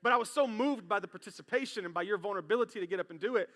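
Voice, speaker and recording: A man's voice: high-pitched, very fast. A man preaching a sermon in a church, telling a personal story and acting out the voices in it. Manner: animated, acts out voices in his story. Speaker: pastor. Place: church sanctuary. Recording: long hall reverb in church.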